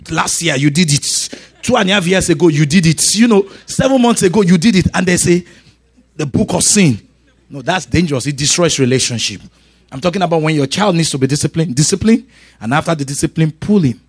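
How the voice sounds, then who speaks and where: A middle-aged man preaching a sermon in an animated way, laughing and shouting his punchlines. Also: fairly high pitch, husky, no echo. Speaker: pastor.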